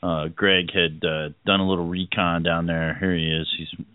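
A man's voice: low-pitched, flat delivery, moderate pace, clear, resonant tone, no echo. A man hosting a casual radio chat, easygoing and rambling, with many fillers and chuckles. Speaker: host. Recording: tinny phone-like line.

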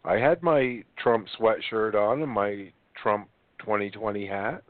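Low-voiced man chatting on a phone line. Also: a little slow, no room sound. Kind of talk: casual chat.

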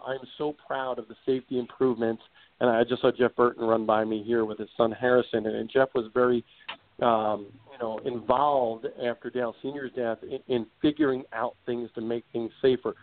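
A middle-aged man, a motorsports broadcaster, answering interview questions in an eager, rambling way with many restarts. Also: mid-range voice. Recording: tinny phone-like audio.

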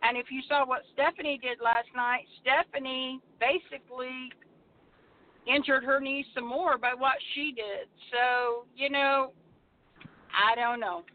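An older woman and co-host, telling feisty, animated stories in casual wrestling chat. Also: high-pitched, unhurried. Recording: tinny phone line with faint noise.

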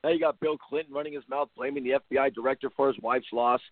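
A man with a steady, medium-pitched voice talks fast as a basketball coach hosting a talk show. He delivers an opinionated talk-radio rant, blunt and sarcastic with lots of repetition, over a dry phone-line sound with no echo.

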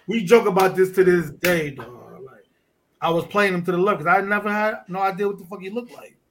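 A man from Detroit with a high voice tells a story on a podcast in loose, profane street talk. He acts out every exchange, and his tone swings from loud to low. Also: animated, brisk. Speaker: podcast guest, underwater photographer. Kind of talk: casual storytelling chat.

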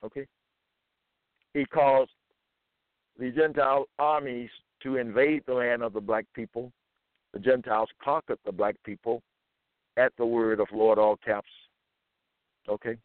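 A man giving a deliberate scripture lecture and quoting verses with stress. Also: medium pitch, steady tone, dry recording. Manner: slow, deliberate, quotes verses with emphasis. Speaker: religious teacher. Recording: tinny phone-like sound.

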